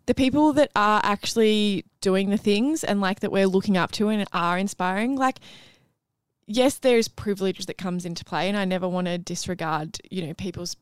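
A young Australian woman co-hosting a podcast, talking earnestly about self-belief and leaning on fillers as she goes. Her voice sits at a middle pitch. She is recorded close and dry, with no room sound. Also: normal speed, clear, resonant tone, no room sound. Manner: earnest and encouraging, many fillers. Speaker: podcast co-host. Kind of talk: casual chat.

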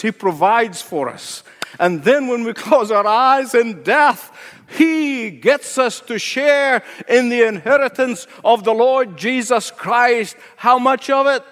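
A man's voice: high-pitched, long reverb tail. A male preacher giving a sermon, emphatic and building his points through repeated phrases.

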